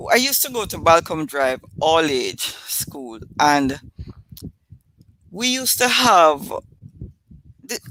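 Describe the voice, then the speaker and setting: A woman's voice: low-pitched, a bit bright, a little hiss or hum, poor audio. Chatty Jamaican woman host. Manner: chatty, laughs at her own stories. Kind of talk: casual live-stream storytelling.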